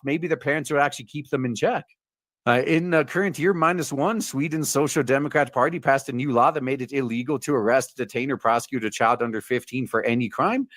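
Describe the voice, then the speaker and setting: A man's voice: on the high side, fairly bright tone, dry recording, studio quality. A man hosting a commentary stream, reading news articles aloud with many fillers and adding sarcastic asides. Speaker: host reading news stories. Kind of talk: casual commentary on read-out articles.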